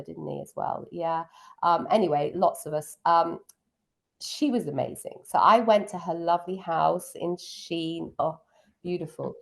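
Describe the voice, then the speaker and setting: In a relaxed interview, a piano teacher in middle age reminisces warmly about being a student, saying "um" again and again. She speaks with a lowish voice that slips into vocal fry.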